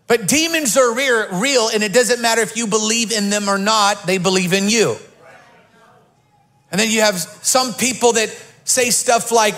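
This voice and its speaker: A middle-aged man preaching from a church stage, his voice sitting a little high for a man. He eases in with jokes and family stories and then drives into fervent, emphatic preaching. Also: normal speed, fairly bright tone. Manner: joking, storytelling, builds to fervent preaching. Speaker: pastor. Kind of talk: sermon.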